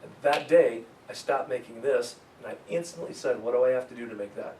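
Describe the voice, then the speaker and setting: A man teaching sales in a live seminar, energetic and coaching, asking his audience questions. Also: medium pitch, a little fast. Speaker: sales trainer. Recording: echoey room, far from mic, faint hiss.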